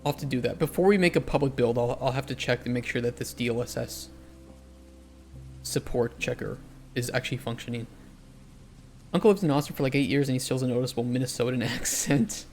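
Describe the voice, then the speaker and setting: A man's voice: medium pitch, fast, faint music behind. A man, an indie game developer, chatting casually on a livestream while he codes. He answers chat and often restarts his sentences.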